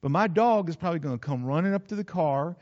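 A man, a pastor, preaching a sermon in an earnest way, slowing down to stress key words. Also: fairly high pitch, animated, darkish tone. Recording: slightly dull lo-fi sound.

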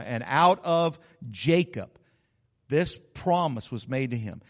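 A man's voice: mid-range voice, lively intonation, slow, in a large hall, highs cut off. An older man, preaching a sermon as pastor in an emphatic, repetitive, folksy way. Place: church.

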